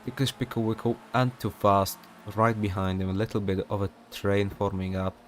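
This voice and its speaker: A young man calls an online sim race in a loose, chatty, rambling way, full of fillers and side remarks. His voice sits on the lower side. A faint hum runs underneath. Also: little pitch movement, normal speed. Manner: casual, rambling, many fillers and asides. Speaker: sim racing commentator. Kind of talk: live race commentary.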